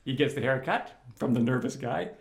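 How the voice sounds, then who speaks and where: A man's voice: mid-range voice, fairly quick, gravelly. A man casually telling a self-mocking anecdote, often laughing as he talks. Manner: self-mocking, laughs through his stories.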